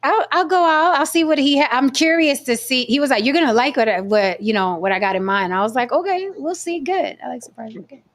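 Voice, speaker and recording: A woman hosting a casual chat show, telling a story in a blunt, profane, animated way. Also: high-pitched, quick pace, hardly any pauses. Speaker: podcast host.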